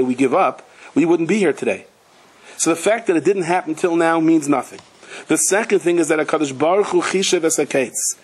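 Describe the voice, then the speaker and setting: A husky, slightly high-voiced man teaching a Torah class as a rabbi. He delivers an animated talk full of parables and short acted-out voices. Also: poor audio. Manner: animated storyteller, slips into character voices and Hebrew and Yiddish terms.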